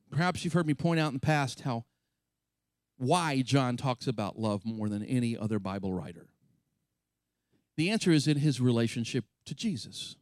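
With no room sound around him, a pastor preaches in a slightly mellow voice. He is passionate and emphatic, chatting with his congregation in asides and reaching high, impassioned peaks whenever he quotes scripture.

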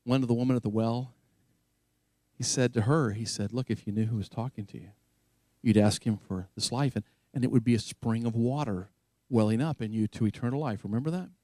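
Animated male preacher, dry close sound. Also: mid-range voice, brisk, no room sound. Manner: animated, emphatic preaching with paraphrased quotes. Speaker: pastor. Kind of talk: sermon.

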